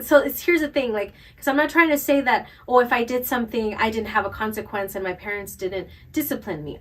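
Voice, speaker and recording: A woman co-hosting a podcast, telling a personal story in a casual, animated way with lots of fillers. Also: medium pitch, far from the mic, poor audio. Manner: animated storyteller, filler-heavy, laughs often. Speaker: podcast co-host.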